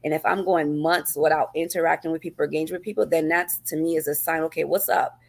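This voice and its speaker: A woman author speaks as an interview guest in a very low voice with a gravelly edge. She talks earnestly and reflectively, circling back over her own phrases. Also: fairly even intonation, fast talker. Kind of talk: personal interview talk.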